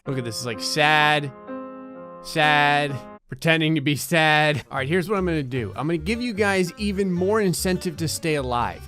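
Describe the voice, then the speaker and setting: A man's voice: fairly high pitch, a bit bright. Sarcastic man giving game commentary. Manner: sarcastic, playful, voices sims in silly asides. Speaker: let's play commentator. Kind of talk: comedic gameplay commentary.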